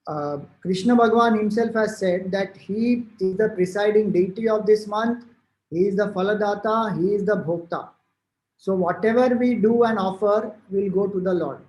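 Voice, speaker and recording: A man's voice: high-pitched, a little mellow. A man with an Indian English accent giving a devotional discourse, explaining scripture and retelling old stories in a loose, storytelling way. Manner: storytelling, explanatory, with fillers and restarts. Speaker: spiritual teacher. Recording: roomy echo.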